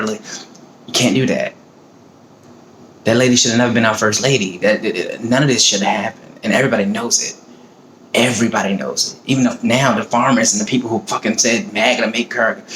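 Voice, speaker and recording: Guy venting hard in a vlog, low voice, cussing a lot, echoey room. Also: a bit bright, slight background noise. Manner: heated, profane, emotional. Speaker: vlogger. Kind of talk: angry political rant. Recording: roomy echo, faint ambience.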